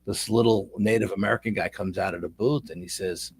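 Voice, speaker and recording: A man's voice: fairly low pitch, fairly even intonation, fairly quick, slight background noise. A middle-aged man, a paranormal investigator telling a long rambling story in a casual interview, repeating words as he goes.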